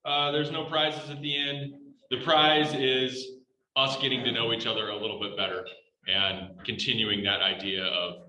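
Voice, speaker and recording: A man's voice: mid-range voice, flat delivery, normal speed, pushed and bright, reverberant, slight background noise, rough recording. A man leading a joint club luncheon in a restaurant banquet room, speaking in an upbeat, informal and meandering way. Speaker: meeting leader. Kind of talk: casual speech hosting a meeting.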